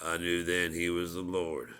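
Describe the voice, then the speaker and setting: Deep, clear-voiced man rambling profanely. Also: flat delivery, a little slow, sharp tone. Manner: rambling, profane, laughs at own jokes. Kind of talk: casual rambling monologue.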